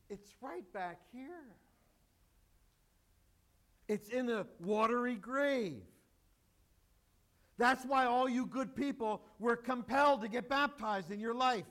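A man's voice: very high voice, slow, pauses often, a bit bright. A male pastor preaching a sermon, emphatic and joking with the congregation.

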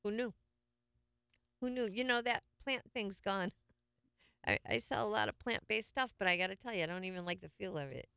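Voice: mid-range voice, a little fast, gravelly, long pauses, bright, forceful tone, smooth, dry recording, clean studio sound. A radio show host chatting casually on air, rambling and joking at their own expense. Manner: rambling, jokey, self-mocking. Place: radio studio.

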